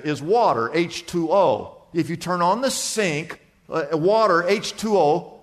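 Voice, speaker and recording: A man preaching a sermon as pastor, animated, repeating phrases and putting questions to the congregation. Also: high-pitched. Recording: long hall reverb.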